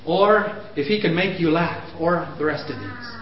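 A man in his fifties lecturing parents, animated, pushing his voice up for emphasis and chuckling at himself. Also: on the high side, normal speed. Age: 50s. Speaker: speaker on parenting. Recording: roomy, dull lo-fi recording.

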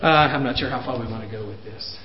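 A man in his fifties lecturing parents, animated, pushing his voice up for emphasis and chuckling at himself. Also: medium pitch, fast. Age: 50s. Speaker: speaker on parenting. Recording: roomy, dull lo-fi recording.

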